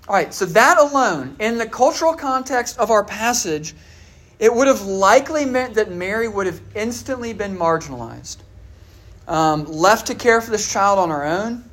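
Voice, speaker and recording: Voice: medium pitch, animated, normal speed, fairly bright tone. A preacher giving a sermon in a conversational way, asking the listeners questions and often saying "all right" and "uh". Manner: many fillers like "all right" and "uh".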